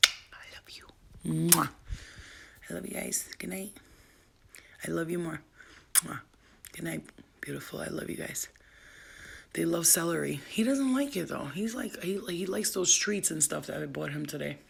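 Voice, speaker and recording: A woman's voice: lowish voice, normal speed, gravelly, long pauses, a bit bright, breathy edge. A woman who sells spiritual healing boxes, chatting casually and affectionately on a late-night livestream from home, full of slang and swearing.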